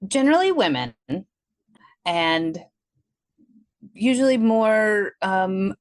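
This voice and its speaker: A woman from Milwaukee with a Wisconsin accent, a guest in a casual interview, telling her story with animation and acting out her past thoughts in a higher voice. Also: expressive, slow, dry recording. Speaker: guest, energy healer.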